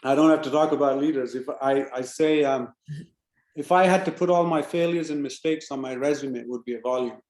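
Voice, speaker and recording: A man's voice: medium pitch, fairly quick, darkish tone, reverberant. A man giving reflective, emphatic advice as the guest in a fireside chat over a video call. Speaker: guest speaker.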